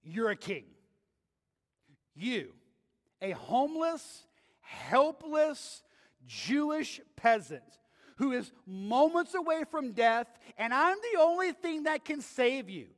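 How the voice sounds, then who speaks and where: A man's voice: extremely high pitch, very animated, slow pace, pitched above the performer's own voice, exaggerated voice. A man voicing a sarcastic Roman governor, mocking and drawn out, with long reverb around the voice.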